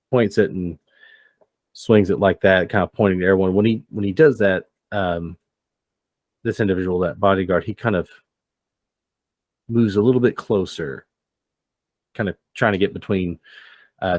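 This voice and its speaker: A man's voice: sits low, fairly even intonation, moderate pace, pauses often, a little mellow, no room sound. A man narrating as game master of a tabletop game, hesitant and full of fillers.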